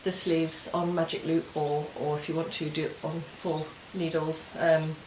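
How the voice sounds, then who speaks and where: A woman's voice: low-pitched, little pitch movement, a little slow, darkish tone. A woman hosting a knitting podcast, chatting casually and explaining her projects step by step in a meandering way. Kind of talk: casual show-and-tell chat. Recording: roomy echo with faint hiss.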